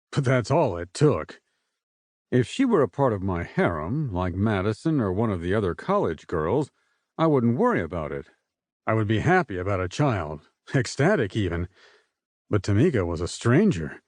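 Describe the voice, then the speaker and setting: A man reads a first-person adventure novel aloud, his pace unhurried and measured. His voice sits at an everyday pitch. The recording is dry and close-miked, with no room sound. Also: a little mellow, dry recording. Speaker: audiobook narrator. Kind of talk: first-person scripted narration.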